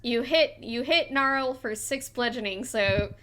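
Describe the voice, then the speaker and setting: A woman's voice: on the high side, a little slow, pushed and bright, slight background noise. A woman narrating a live tabletop game as game master, rambling with fillers and restarts.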